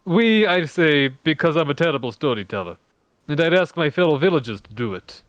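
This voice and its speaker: A man's voice: fairly high pitch, lively intonation, brisk, fairly bright tone, no room sound. A man voicing a modest, grateful fisherman from a village, as a fan reading of game dialogue on a dull home mic. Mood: earnest. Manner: friendly, modest.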